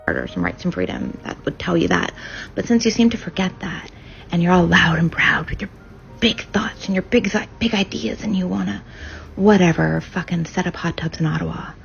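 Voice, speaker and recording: A woman's voice: lowish voice, animated, a little fast, lo-fi sound, soft background music. Sarcastic woman recruiter ranting. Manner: sarcastic, taunting, drops into breathy asides. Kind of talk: sarcastic social media rant.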